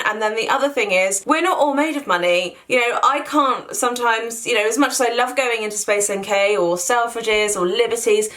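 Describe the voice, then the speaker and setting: A woman's voice: fairly high pitch, a bit bright. A young woman giving an enthusiastic, chatty skincare review to camera as a beauty vlogger. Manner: chatty, enthusiastic, filler-heavy.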